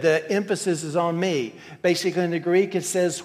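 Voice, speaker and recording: High-voiced man preaching in a reverberant hall. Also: steady tone, fairly quick, hardly any pauses, darkish tone. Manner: emphatic, asks many rhetorical questions. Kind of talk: sermon.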